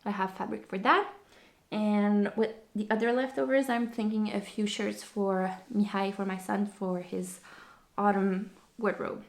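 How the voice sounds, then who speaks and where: In a creaky, steady voice of medium pitch, she takes her time. Breathless and casual on her podcast, she rambles, leaning on fillers and frequent restarts.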